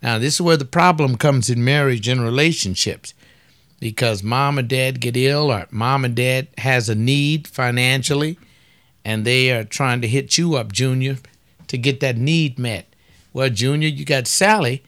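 A man talks in a loose preaching style, folksy and teasing. He keeps prodding his listeners with rhetorical questions at a middling pitch. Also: moderate pace, a bit bright. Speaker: speaker on family life.

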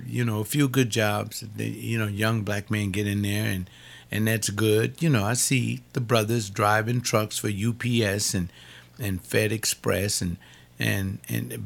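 A man's voice: fairly low pitch, vocal fry. An older man giving an informal sermon-style talk, repeating words for emphasis. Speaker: preacher.

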